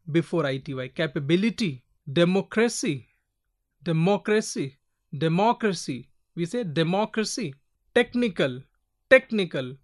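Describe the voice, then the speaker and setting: A teacher giving a recorded pronunciation lecture to learners, spelling out word endings letter by letter and repeating each example word several times. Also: medium pitch.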